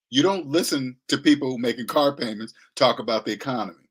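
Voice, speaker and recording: A finance commentator speaks fairly quickly with few pauses, his mid-range voice slightly rough. In a casual monologue he gives a blunt, slangy lecture on money and mockingly imitates voices.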